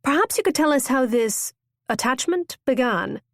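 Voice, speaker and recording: A woman voicing a gentle, tactful married lady who speaks kindly. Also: high-pitched, animated, moderate pace, no echo, studio quality, pitched above the performer's own voice.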